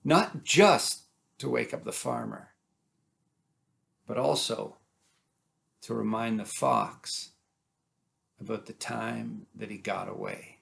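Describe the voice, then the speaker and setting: Gravelly male folk-tale storyteller. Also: lowish voice, takes it slowly, long pauses. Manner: animated, dramatic, builds and drops his volume.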